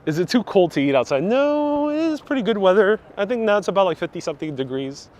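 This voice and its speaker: This host talks fast in a high, sing-song, slightly mellow voice as he live-streams a relaxed walk through city streets. He chats freely, laughs a lot and reads out what viewers write, captured by a wireless clip-on mic and a gimbal-mounted phone.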